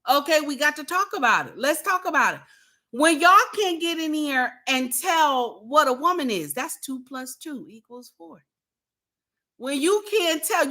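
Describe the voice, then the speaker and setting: A woman's voice: sits high, sharp tone. A woman hosting a casual livestream, talking bluntly and preachily to her viewers and repeating her points for emphasis. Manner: addresses viewers and chat directly. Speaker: livestream host.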